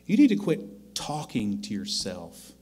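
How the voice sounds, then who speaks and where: A man preaching a sermon as pastor, slow and deliberate, rising loud on scripture and dropping quiet to make a point. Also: lowish voice, huge pitch swings, slightly rough. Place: church sanctuary.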